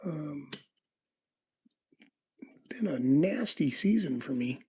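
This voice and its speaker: A man's voice: fairly high pitch, expressive, slow pace, a little mellow, breathy edge. A man hosting a casual livestream, chatting to viewers and rambling through stories with lots of fillers as he picks locks. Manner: rambling, laid-back storytelling with frequent fillers. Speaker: livestream host. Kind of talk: casual livestream chat while lockpicking.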